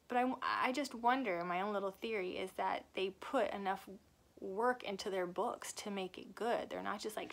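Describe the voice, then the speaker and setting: Woman, book reviewer, casual rambling talk, gravelly edge, middle pitch. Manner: chatty, rambling, self-correcting.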